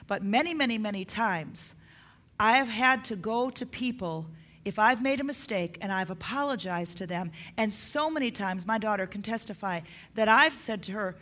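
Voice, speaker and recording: A woman's voice: mid-range voice, normal speed, a bit bright. A middle-aged woman preaching a sermon on parenting, earnest, repeating her key points for emphasis.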